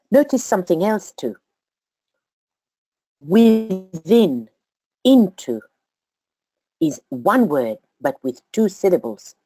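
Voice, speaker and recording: A woman with a low, mellow voice teaches a study group at an unhurried pace. Her pitch rises and falls in lively sweeps as she counts things out deliberately. The sound is dry and close. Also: slightly rough, dry recording. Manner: slow, deliberate, counting out syllables.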